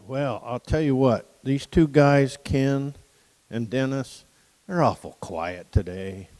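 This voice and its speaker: An older man, a guide dog client, giving an emotional, folksy graduation speech with pauses and throat-clearing. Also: mid-range voice, darkish tone, long reverb tail, low-quality recording. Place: outdoor campus stage with audience.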